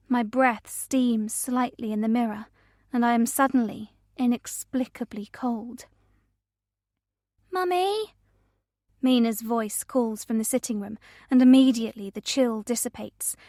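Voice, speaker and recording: Woman reading a thriller audiobook, fairly high voice, measured and tense, dry close sound. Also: no room sound. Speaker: audiobook narrator. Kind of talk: scripted first-person thriller narration.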